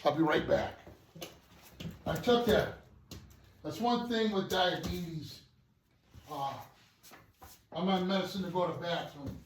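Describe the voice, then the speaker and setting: A hobby vlogger with a slightly high voice chats casually to viewers from a cluttered basement, speaking slowly with long pauses. He rambles loosely with many fillers and puffing sighs, winded from moving things around. Far from the mic and moving about, he sounds echoey with faint noise.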